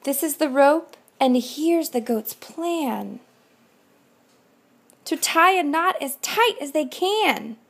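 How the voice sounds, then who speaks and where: A woman with a high voice reads a rhyming picture book aloud to children. She takes it slowly and rhythmically, leaning into each line expressively. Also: animated, gravelly. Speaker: volunteer reader.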